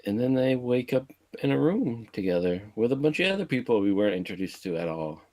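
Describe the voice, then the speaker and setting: A man co-hosting a casual movie podcast, recapping the plot in a laid-back, halting way with lots of uh and restarts. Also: mid-range voice, very animated, a little mellow, no room sound. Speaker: podcast co-host.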